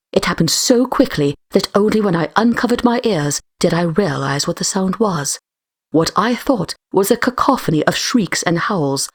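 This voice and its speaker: Female narrator for a fan audiobook, deep husky tone, dry close sound. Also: dry recording. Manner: steady storytelling, raising her voice for shouted lines. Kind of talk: first-person fiction reading.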